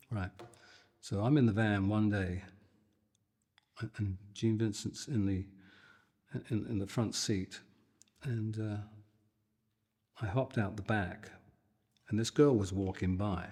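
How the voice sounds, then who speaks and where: An older man, a guitarist, telling a lively anecdote and acting out the people in it. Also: lowish voice, husky, in a large hall. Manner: animated, acts out the people in his story. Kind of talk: anecdotal storytelling.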